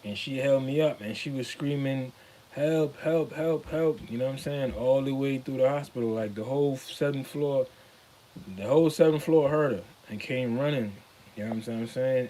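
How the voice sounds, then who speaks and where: A man with a warm, mellow voice tells a personal story in a relaxed, rambling way. He keeps looping back with casual fillers, and a faint hum sits behind him. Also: medium pitch. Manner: relaxed, rambling, with many fillers like "you know what I'm saying". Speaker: podcast host.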